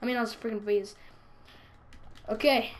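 A young woman giving excitable, crude, giggly let's play commentary as a gaming YouTuber. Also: a little high, moderate pace, a little hiss or hum.

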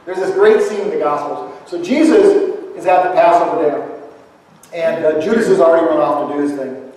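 A man's voice: a little high, a little fast, darkish tone. A male pastor preaching a sermon in a church, talking conversationally with humor and asking the congregation questions. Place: church sanctuary. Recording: echoey church hall from far off.

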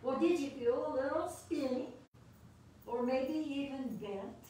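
A woman giving a playful lesson for children with her dogs, animated and full of praise, laughing often. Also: sits high, measured pace, slight background noise. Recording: very echoey room, distant mic.

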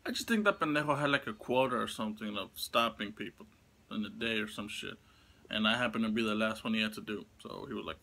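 A young man telling a storytime vlog, venting in a heated, profane way with sudden high outbursts. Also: quick pace, gravelly, bright, forceful tone. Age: young adult. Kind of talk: casual storytime rant.

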